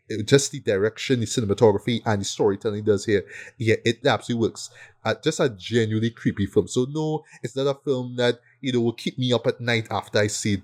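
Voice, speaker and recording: A man's voice: lowish voice, darkish tone. A man co-hosting a podcast, chatting casually and keenly about films and tagging his points with "right?". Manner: enthusiastic, peppers talk with "right?". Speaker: podcast co-host. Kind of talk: casual film review chat.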